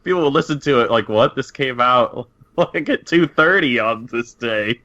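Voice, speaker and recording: A man co-hosting a casual podcast chat, telling stories in an animated, laughing way. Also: medium pitch, moderate pace, dry recording. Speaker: podcast co-host. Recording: dull lo-fi mic.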